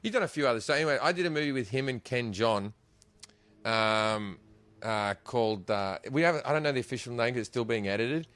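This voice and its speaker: A man's voice: mid-range voice, lively intonation, a little fast, a bit bright, no room sound. An Australian man, a guest comedian, telling rambling stories in casual podcast chat, swearing and laughing often.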